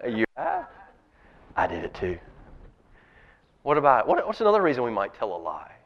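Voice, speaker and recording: A man's voice: mid-range voice, wildly swooping pitch, moderate pace, lo-fi sound. A man, a pastor, giving a children's talk in a church service, telling a story and asking the kids questions. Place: church sanctuary.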